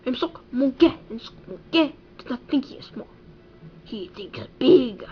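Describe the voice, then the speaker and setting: Girl putting on a bragging sock monkey puppet, high voice, talks about himself, muffled lo-fi sound. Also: lively intonation, a little slow, a little hiss or hum. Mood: boastful. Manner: proud, talks about himself in third person. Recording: dull lo-fi home recording.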